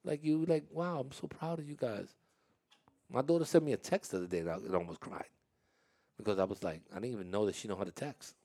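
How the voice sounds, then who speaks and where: A man's voice: on the low side, animated, fast, warm tone, a little hiss or hum. A man hosting a casual interview with young dancers, talking in a chatty, storytelling way with frequent laughs and restarts.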